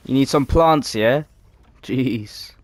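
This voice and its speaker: A man's voice: mid-range voice, slow pace, dry recording. A man giving joking, mock-dramatic let's play commentary. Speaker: gaming YouTuber.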